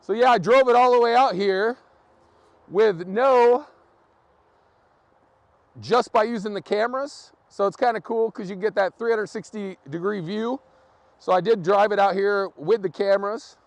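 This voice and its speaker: A man with a fairly high voice hosts a live stream outdoors in bitter cold, talking casually to his viewers and laughing often. His voice comes through dry and close, with no room echo. He is recorded on a camera set up on a tripod. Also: normal speed, long pauses. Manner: chatty, laughs a lot, talks to viewers. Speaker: livestream host. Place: outdoors in freezing wind and snow.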